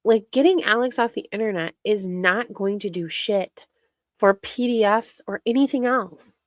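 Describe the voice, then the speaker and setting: Exasperated woman commentator, mocking and ranting, dry close sound, mid pitch. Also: normal speed, dry recording. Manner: exasperated, mocking, talks over clips. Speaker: reaction commentator.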